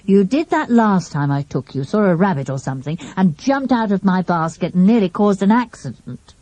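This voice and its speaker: A woman's voice: mid-range voice, animated, moderate pace, dark tone, no room sound, lightly acted. A woman voicing a confident, slightly boastful schoolboy detective in an audiobook, speaking in a self-assured way. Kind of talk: audiobook character voice.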